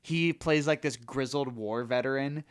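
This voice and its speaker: A man's voice: medium pitch, measured pace, clear, resonant tone. A man hosting a podcast, chatting loosely and retelling comedy sketches in a rambling way, full of fillers. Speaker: podcast host. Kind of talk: casual chat.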